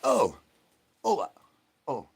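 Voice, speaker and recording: A young man hosts a loose live stream from his phone, his voice middle-pitched and full of creaky fry. He strings together silly catchphrases and repeats them in a sing-song way. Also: huge pitch swings, slow pace. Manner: playful nonsense catchphrases, sing-song repetition. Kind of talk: rambling live-stream banter.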